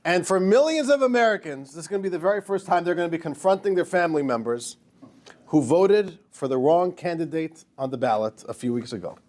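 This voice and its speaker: Rabbi for a lesson, fairly high male voice, jokey and chatty with the class. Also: lively intonation, fairly quick, a little mellow. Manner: jokey, addresses listeners as dear friends. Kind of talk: lecture with jokes.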